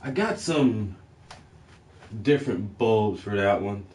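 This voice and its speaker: Speaking slowly in a lowish, darkish voice with lively intonation, a laid-back man chats on a livestream as he paints. This painting vlogger has a drawl, cusses, uses casual slang and laughs a lot, all from a home room with fluorescent lighting and slight background noise.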